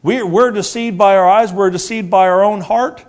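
A man in his forties gives a sermon in a high, steady, slightly mellow voice. His preaching is earnest and repetitive, full of rhetorical questions, and he slows down to emphasize key words.

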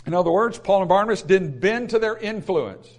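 A man's voice: high voice, animated, fairly quick. A male pastor preaching a sermon in an emphatic, repetitive way, with humorous asides.

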